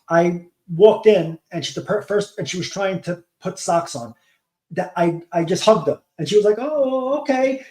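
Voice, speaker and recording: A man with a fairly high, mellow voice talks casually as a podcast host, rambling and restarting his sentences. The room around him sounds echoey. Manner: rambling, many restarts and fillers. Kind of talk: casual monologue.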